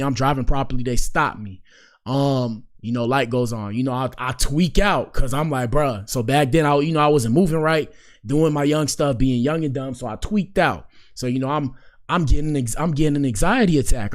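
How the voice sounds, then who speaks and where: A soft-spoken man in his twenties, a podcast host telling a story in a slangy, rambling way and repeating phrases for effect. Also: medium pitch. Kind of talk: casual storytelling.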